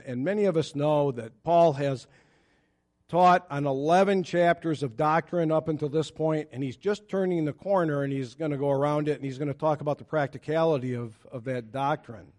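Guy preaching a sermon, kinda higher voice, earnest and chatty, leans hard on the verses. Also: a little mellow. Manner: earnest, conversational preaching with emphatic scripture quotes. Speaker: pastor.

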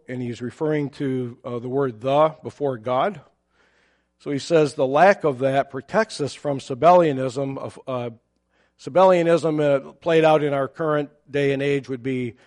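A pastor preaching a sermon, explaining a Bible passage in a measured, teacherly way with occasional fillers. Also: male voice, medium pitch, darkish tone.

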